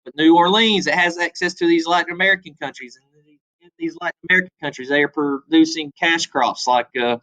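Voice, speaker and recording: A man's voice: fairly high pitch, a little fast, bright, forceful tone, low-quality recording. A man teaching a casual history review, talking loosely with frequent fillers. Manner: loose, conversational, many "uh" fillers, acts out quotes.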